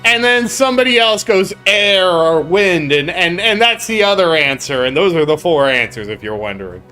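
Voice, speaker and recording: A man's voice: high voice, very animated, moderate pace, bright, forceful tone, soft background music. A man hosting a gaming channel, chatting casually over gameplay as a rambling storyteller who laughs often and repeats himself.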